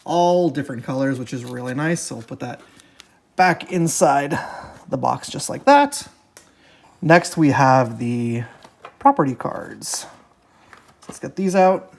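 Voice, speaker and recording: Casual unboxing host, mid-pitched, halting and self-correcting, upbeat, cards shuffling behind. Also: sing-song, creaky. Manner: upbeat, easily delighted. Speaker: board game unboxing presenter.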